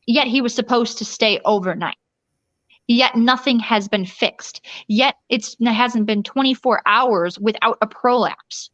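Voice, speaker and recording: A woman interview guest telling a personal ordeal in a rushed, urgent way, often restarting sentences and acting out quoted dialogue. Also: medium pitch, fairly bright tone, no room sound. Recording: dull lo-fi dry recording.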